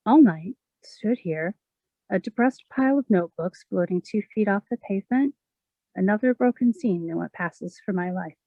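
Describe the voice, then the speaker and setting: Woman poet, measured expressive reading, creaky tone, close dry mic. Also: mid-range voice, no echo, phone-quality sound. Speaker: poet reading her own work. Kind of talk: poetry reading.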